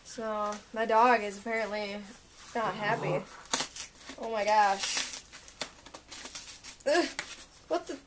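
A young woman vlogging a casual book haul and unboxing, gushing and excitable as she talks through each book. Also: mid-range voice, slow pace, pauses often, background noise. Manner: gushing, excitable, lots of "oh my gosh".

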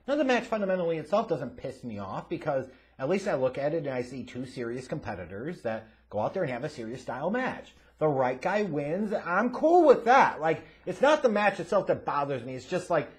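A man hosting a wrestling review, ranting angrily and profanely, often building to shouts. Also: on the high side, very animated, a little fast, hardly any pauses. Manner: angry, profane, shouting ranter.

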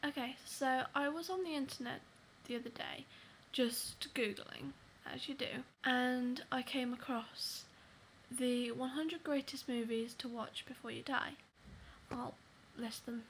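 A woman's voice: sits high, fairly even intonation, a little slow, a bit bright, slight background noise. A young woman giving a casual movie review vlog, chatty and apologetic, often dropping to a whisper for asides. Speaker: vlogger.

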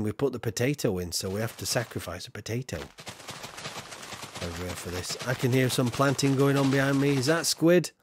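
A man's voice: mid-range voice, noisy background. A man streaming a building game, chatting casually and reading out his viewers' comments as he plays. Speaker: gaming streamer. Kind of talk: live-streamed gameplay chat.

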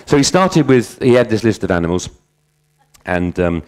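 A middle-aged man with a notably low voice gives a conference talk. He speaks conversationally and breaks into anecdotes. He often restarts his sentences mid-thought. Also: very animated, normal speed, darkish tone, clean tone. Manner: conversational, tells anecdotes with self-corrections. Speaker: conference speaker on language teaching.

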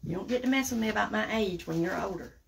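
A woman's voice: medium pitch, quick pace, gravelly, slight background noise. A woman with a Southern accent hosting a live craft tutorial, chatting folksily with viewers as she works. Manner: chatty and folksy, addresses viewers as guys and y'all. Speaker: craft tutorial livestream host. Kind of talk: casual live craft demo, reading viewer comments.

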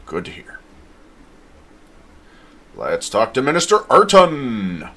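Jokey male gamer, lively pitch, reads game dialogue aloud. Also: slow, pauses often. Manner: jokey, reads quest dialogue in put-on voices. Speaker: gamer playing and voicing dialogue. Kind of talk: let's play commentary, reading dialogue aloud.

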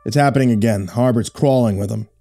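A man voicing a rough-spoken adult fisherman and town councilor who talks urgently. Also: medium pitch, fast, mellow, faint music behind, natural voice.

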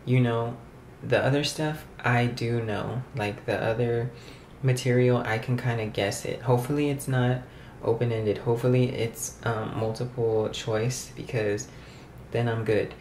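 A man's voice: medium pitch, fairly even intonation, unhurried, a little mellow, a little hiss or hum. Rambling young man vlogging at home. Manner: rambling, self-talking, lots of fillers. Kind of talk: casual vlog talk to camera. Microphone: camera mic. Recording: roomy camera audio.

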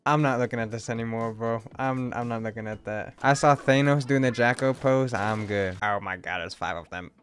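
A young man streaming a video game, reacting loudly with swearing and sudden shouts of surprise, sometimes reading game lines aloud flatly. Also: medium pitch, moderate pace, hardly any pauses, clear, resonant tone, faint music behind. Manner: reads game dialogue aloud in a flat voice.

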